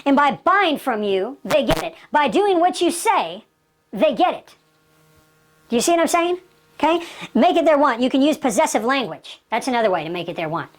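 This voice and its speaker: A woman's voice: high-pitched, lively intonation, moderate pace. Emphatic woman sales trainer. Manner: emphatic, repetitive, keeps checking in with "okay?".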